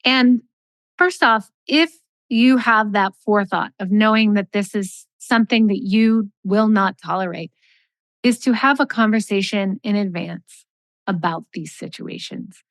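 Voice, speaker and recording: A middle-aged woman speaks as a life coach in a calm, measured way, sometimes voicing short sample exchanges. Her voice is mid-pitched and sounds close and dry, with no room around it. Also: no echo. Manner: measured, gentle, acts out sample dialogue. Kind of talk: calm advice in a podcast interview.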